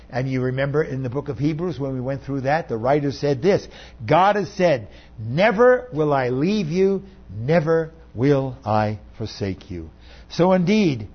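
Husky conversational male preacher. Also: on the high side, muffled recording. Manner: conversational preaching with rhetorical questions. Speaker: pastor. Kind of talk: sermon.

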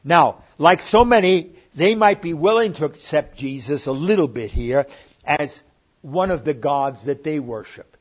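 Earnest older preacher, muffled lo-fi sound. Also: male voice, on the high side, lively intonation, unhurried. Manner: earnest, plainspoken preaching with sudden rises in loudness. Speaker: pastor. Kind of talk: sermon. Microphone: online sermon recording. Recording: muffled lo-fi recording.

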